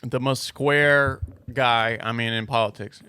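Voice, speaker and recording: A man's voice: medium pitch, steady tone, a little slow, sharp tone, clean tone, no room sound. A man co-hosting a podcast in casual chat, throwing in wry teasing remarks and follow-up questions. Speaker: podcast co-host.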